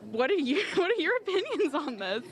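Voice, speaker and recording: A young woman hosting a student video show, bubbly and quick to laugh. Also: extremely high pitch, very animated. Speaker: host. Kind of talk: scripted campus video hosting.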